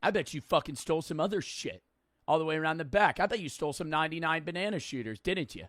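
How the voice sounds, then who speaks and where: Young man, streamer, bright voice, dry close mic, blunt and sweary reaction chat. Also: fairly high pitch, expressive, fast talker, dry recording. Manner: blunt, swears freely, jokey. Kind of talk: casual reaction commentary.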